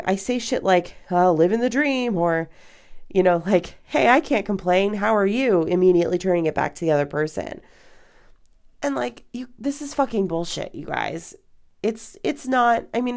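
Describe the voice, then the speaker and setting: A woman in her thirties hosting an advice podcast, talking candidly and casually with lots of fillers and some swearing. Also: low voice. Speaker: podcast host.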